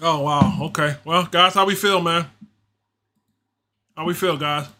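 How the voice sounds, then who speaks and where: A man's voice: on the high side, fairly even intonation, unhurried, pushed and bright. A man hosting a fan livestream, giving casual play-by-play and frustrated, slangy reaction that repeats itself. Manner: frustrated, repetitive, slangy, ranting. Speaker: livestream host doing play-by-play.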